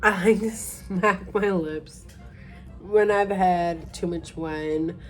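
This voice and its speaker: A woman talks through a casual vlog at an unhurried, drawn-out pace, a bit tipsy. She rambles, mocks herself and loses her thread before starting over. Faint music plays quietly in the background. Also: lowish voice, steady tone. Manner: rambling, self-mocking, trails off and restarts. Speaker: vlogger.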